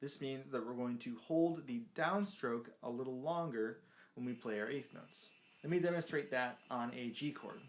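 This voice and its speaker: A man's voice: medium pitch, moderate pace. Man teaching ukulele, counting beats. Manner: explains patiently, counts beats aloud over strumming. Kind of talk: music lesson. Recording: ukulele playing behind voice.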